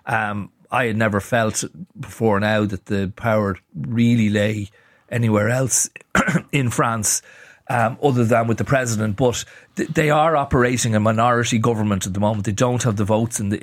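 A man, a newspaper editor on a radio panel, talking in a measured way with frequent restarts. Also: fairly low pitch, fairly even intonation, no room sound.

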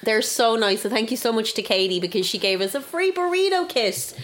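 Animated Irish woman, swears freely. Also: on the high side, fairly quick, slight background noise. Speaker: podcast co-host. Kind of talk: casual chat.

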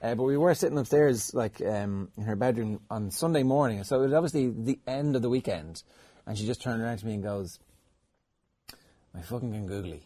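A young Irish man, a radio co-host, telling an anecdote in an amused, animated way. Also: mid-range voice, brisk, hardly any pauses, dry recording. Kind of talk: casual chat.

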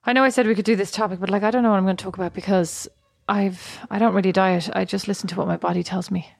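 An Irish woman co-hosting a podcast who rattles along at a quick pace, teasing and cutting in to make her point. Her voice is mid-pitched and recorded close and dry. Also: fairly even intonation, creaky, no room sound. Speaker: podcast co-host. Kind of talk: casual chat.

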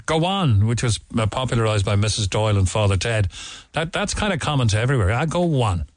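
Cork fella hosting radio, stop-start talk, dry studio sound. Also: male voice, lowish voice, big pitch swings, no echo. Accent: Cork Irish. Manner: halting, many fillers and restarts. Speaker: radio host. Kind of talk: radio chat interview. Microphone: studio mic.

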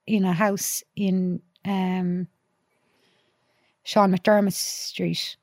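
A woman's voice: mid-range voice, drawn-out words, no room sound, clean studio sound. A woman with a Dublin accent, a podcast guest and youth worker, chatting casually and telling stories with acted-out quotes and blunt swearing. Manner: lively storyteller, acts out quotes, swears freely. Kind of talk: casual chat.

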